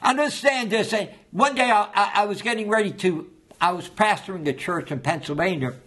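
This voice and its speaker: Husky-voiced man preaching a sermon. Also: high-pitched, a little fast, a bit bright. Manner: storytelling preacher, acts out quoted voices. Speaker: pastor.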